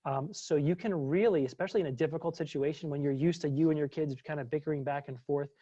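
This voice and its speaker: A man's voice: on the high side, fast talker, mellow, dry recording, lo-fi sound. A man, a former psychologist, presenting a webinar and answering questions in a chatty way, full of fillers and restarts.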